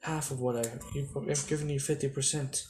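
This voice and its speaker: A man's voice: medium pitch, fairly even intonation, fairly quick, background noise, natural voice. A man voicing a boastful, shameless older male ninja teacher in a casual fan story. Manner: boastful, blunt.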